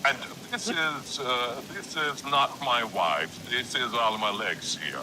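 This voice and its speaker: AI male voice doing a slow theatrical god-villain; lively melody, noisy rainy recording. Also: medium pitch. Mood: grandiose.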